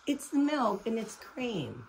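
Doting middle-aged mom, lively voice. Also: female voice, on the high side, slow pace, creaky, heavy background noise. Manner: doting, fussing. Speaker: mother. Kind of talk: casual family chat. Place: family home.

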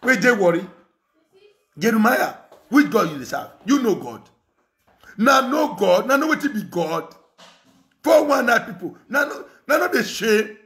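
A young Nigerian man, an online commentator, rants angrily in Nigerian Pidgin English with insults, mocking laughter and repeated phrases. His very high, fairly bright voice is sing-song and unhurried, with frequent pauses.

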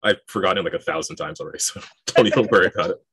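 A man running a tabletop game as game master, relaxed, laughing often and filling pauses with "uh" and "um.". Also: deep voice, vocal fry, slightly rough, no echo.

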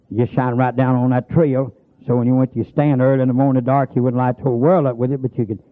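Gravelly preacher on lo-fi tape. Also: male voice, medium pitch. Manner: folksy storytelling, calls out scripture with emphasis. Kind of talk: holiness sermon. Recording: phone-like lo-fi sermon tape.

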